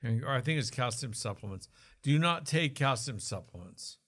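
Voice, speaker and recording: A man's voice: medium pitch, lively intonation, moderate pace, a bit bright. A man from Oklahoma talking casually about health as a co-host, explaining with asides and jokes. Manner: chatty, explanatory, jokes and restarts.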